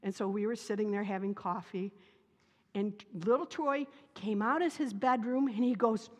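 A middle-aged woman pastor preaches in a long-reverb church sanctuary, her voice sitting at a middle pitch. She tells personal stories with lively, animated humor. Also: normal speed. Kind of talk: sermon with personal storytelling.

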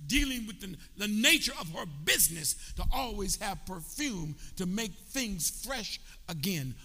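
A bishop preaching a sermon, drawing call-and-response from his congregation and building from quiet explanation up to shouts. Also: high-pitched, big pitch swings, a little slow. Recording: long reverb of a large hall.

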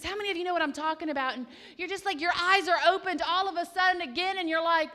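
Speaking fast with few pauses, a woman with a very high voice delivers a sermon in a large, echoing room. Her storytelling is animated and emphatic, shifting between whispers and loud exclamations.

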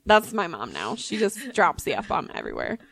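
A woman's voice: mid-range voice, normal speed, gravelly. A young woman co-hosting a podcast, chatting casually and acting out funny family stories. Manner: animated storyteller, acts out quotes. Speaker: podcast co-host. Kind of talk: casual chat.

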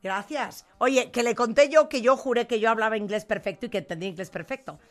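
A woman with a Mexican accent hosting a radio interview, lively and jokey, switching languages. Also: a little high, racing. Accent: Mexican Spanish. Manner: lively, jokey, switches between English and Spanish. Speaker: radio host. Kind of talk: casual interview chat.

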